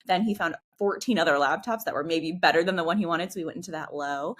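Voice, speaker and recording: A woman with a low, deep voice talks quickly as a guest coach on a podcast, in a casual explanatory chat. Her speech is loose and chatty, leaning on "like" and "right?", and she slips into little acted voices when quoting people.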